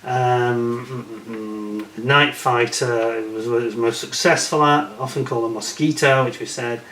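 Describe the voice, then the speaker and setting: A man talks his way through a model kit review in a loose, chatty manner, often muttering asides to himself. His voice sits at an everyday middle pitch. It is recorded in an echoey room with a faint noise underneath. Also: steady tone, unhurried, fairly bright tone. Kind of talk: casual unboxing commentary.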